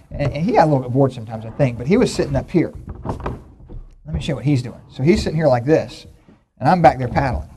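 A middle-aged man preaching a sermon, telling homey stories in a relaxed, conversational way. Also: mid-range voice. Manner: conversational, folksy storytelling with props. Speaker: pastor.

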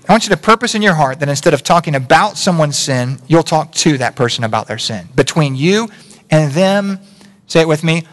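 A man's voice: a little high, a bit bright. A man preaching a conversational sermon, full of rhetorical questions and self-corrections. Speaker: pastor. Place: church sanctuary. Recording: long reverb of a church hall.

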